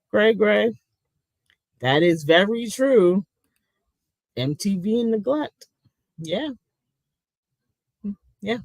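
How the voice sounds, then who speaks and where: A middle-aged woman runs a casual livestream, answering her chat in a blunt, sarcastic way and swearing freely. She talks at an unhurried, drawn-out pace, and her voice sounds close and dry with no room echo. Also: medium pitch. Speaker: livestream commentary host.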